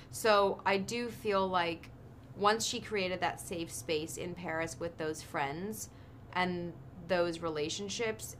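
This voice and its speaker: A woman in her thirties, an actress guest in a casual interview, comes across as thoughtful and chatty, filling her speech with plenty of "um" and "like." Her voice is on the low side and a bit bright, with a little hiss or hum in the background.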